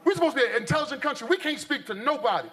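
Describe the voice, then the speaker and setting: High, bright-voiced American comedian on stage. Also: male voice, rapid-fire, a faint crowd. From United States. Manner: animated, exaggerated storytelling. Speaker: stand-up comedian. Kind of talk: live stand-up comedy. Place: stage before a live audience. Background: faint audience laughter.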